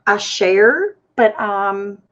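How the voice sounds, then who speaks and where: A woman's voice: medium pitch, lively intonation, drawn-out words, muffled recording. A woman with an Australian accent, a guest chatting on a live stream, who keeps calling people honey and baby girl. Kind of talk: casual live stream chat.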